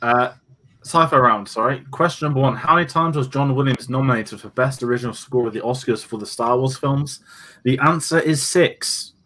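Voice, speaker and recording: A man's voice: mid-range voice, moderate pace, pushed and bright. A man co-hosting a film quiz, reading questions and giving opinionated, chatty remarks. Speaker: co-host and quizmaster.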